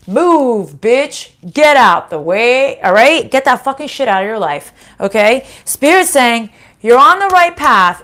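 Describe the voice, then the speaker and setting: A woman's voice: sits high, a bit bright. A woman from the United States giving a casual tarot card reading. She talks bluntly, swears freely and laughs often. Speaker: tarot reader. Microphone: desk microphone.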